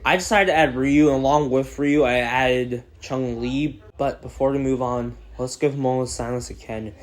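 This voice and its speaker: A teenage boy giving casual, profane video commentary, excitable and prone to sudden outbursts. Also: mid-range voice, moderate pace. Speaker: gaming video creator.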